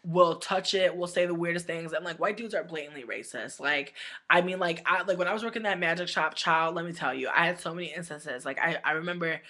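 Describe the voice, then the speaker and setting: A woman's voice: fairly low pitch, fairly quick. A woman vlogger telling stories in a blunt, profane, casual rant, full of "like" fillers. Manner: profane, blunt, heavy use of filler 'like'; animated, indignant storytelling.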